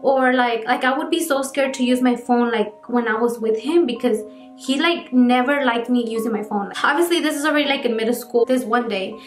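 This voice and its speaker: A woman in her twenties chats through a personal story for her vlog audience. Her voice sits high and her talk is loose and full of fillers. The room is echoey, and soft music plays underneath. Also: a little fast. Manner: chatty, many fillers. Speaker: vlogger. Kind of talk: casual storytime.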